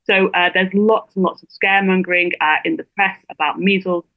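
Fast-talking woman on a tinny phone line. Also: fairly low pitch, fairly even intonation, dry recording. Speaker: guest blogger. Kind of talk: interview over a phone line.

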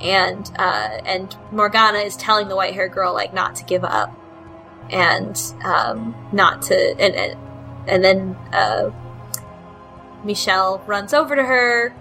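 A woman's voice: mid-range voice, animated, unhurried, sharp tone, soft background music, rough recording. A woman in casual chat, animatedly retelling a story game and laughing often. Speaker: podcast co-host recapping a story game.

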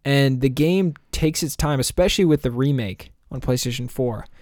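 Recorded in studio quality with no room sound, this podcast co-host speaks in a mid-range, slightly mellow voice at a moderate pace. He chats casually and eagerly about video games, rambling and laughing a lot.

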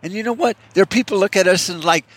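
Guy ranting solo on his podcast, swears a lot, kinda high voice, dead dry sound. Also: fast talker, a bit bright, no room sound. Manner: profane, heated, rambling with restarts. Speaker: podcast host. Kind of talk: casual rant monologue.

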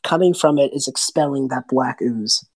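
Casting: woman game master, very low husky voice, loose and laughing. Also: moderate pace, a little mellow. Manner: loose, laughing, full of fillers. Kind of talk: narrating a tabletop game.

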